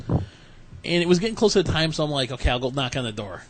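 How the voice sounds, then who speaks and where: A man's voice: fairly high pitch, very animated, quick pace, noisy background. Chatty man acting out his stories. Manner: rambling storyteller, acts out quotes. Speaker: podcast co-host. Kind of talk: casual chat.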